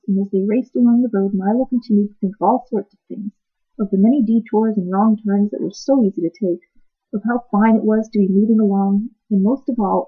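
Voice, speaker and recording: Husky woman reading a storybook. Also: medium pitch. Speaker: reader. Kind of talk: reading a children's book aloud. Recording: tinny phone-like sound.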